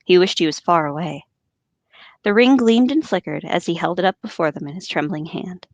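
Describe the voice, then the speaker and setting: A woman's voice: a little fast, dry recording, muffled recording. A woman with a Colorado accent co-hosting a podcast, chatting and joking between passages she reads aloud. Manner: joking, reads narration in a lower solemn voice. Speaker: podcast co-host reading aloud. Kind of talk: casual chat and book read-aloud.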